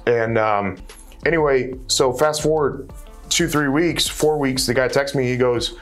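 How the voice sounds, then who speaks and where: Man guest, mid-pitched, earnest storyteller who restarts phrases, faint music behind. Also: a little slow. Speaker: guest real estate wholesaler. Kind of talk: casual storytelling in conversation.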